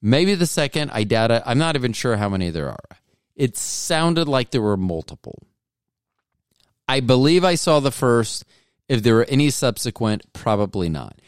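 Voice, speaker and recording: A man's voice: medium pitch, sing-song, normal speed, smooth, dry recording. A male podcast host talking in a casual, rambling monologue full of self-mocking, jokey asides, close on the mic.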